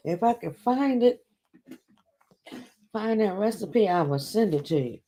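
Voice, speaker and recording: A woman's voice: medium pitch, animated, slow, dark tone. A woman hosting a casual livestream, chatting playfully with a guest and laughing often. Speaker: livestream host.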